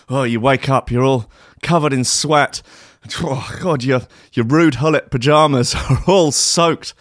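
A man's voice: mid-range voice, measured pace, no echo, studio quality. A man presenting, telling an absurd spooky story in a playful, theatrical way.

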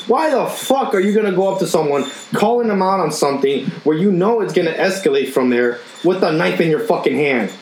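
A man's voice: high-pitched, expressive, a little fast, few pauses, a little mellow. A young man and factory worker in casual chat, blunt and heated, swearing constantly. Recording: roomy sound with faint noise.

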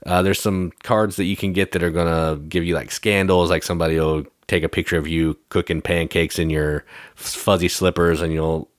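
A man co-hosting a casual board game podcast, explaining rules in a relaxed way full of fillers. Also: low-pitched, no echo, clean studio sound. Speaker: podcast co-host.

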